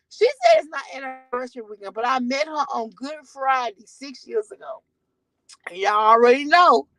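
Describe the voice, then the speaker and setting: A woman's voice: on the high side, fairly bright tone, no echo, poor audio. A woman vlogging from her car, telling a rambling, profane story to her viewers.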